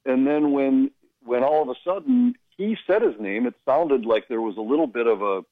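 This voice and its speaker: A man who works as a hockey broadcaster, telling stories in casual radio chat with an animated, amused manner. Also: medium pitch, moderate pace, dry recording, phone-quality sound.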